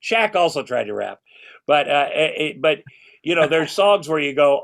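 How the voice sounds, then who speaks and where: A man's voice: on the high side, lively intonation, moderate pace, vocal fry, a bit bright. Older male guest in his sixties, loose and rambling, casual talker. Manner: rambling, restarts, swears casually. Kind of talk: casual chat.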